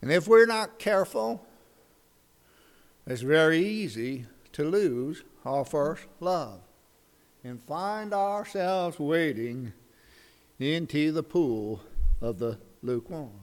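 A man's voice: a little high, animated, slow pace, long pauses. A male pastor preaching a sermon with folksy, humorous storytelling.

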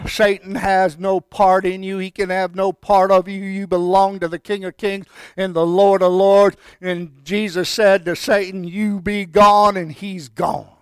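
Fervent high-voiced male preacher. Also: smooth, dry recording. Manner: fervent, rising to shouted declarations. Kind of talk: sermon.

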